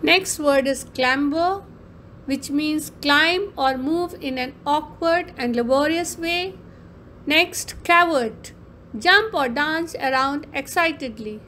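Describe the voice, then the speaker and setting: A woman's voice: high-pitched, sharp tone, slight background noise. A woman teacher giving an online lesson, carefully explaining vocabulary. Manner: slow, explaining word meanings carefully.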